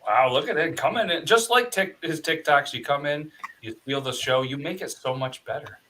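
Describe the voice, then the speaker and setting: A man hosting a casual podcast from his home studio, joking with quick asides as he reads out viewer comments. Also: fairly high pitch, bright, forceful tone, a little hiss or hum, low-quality recording. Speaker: podcast host. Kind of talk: casual chat.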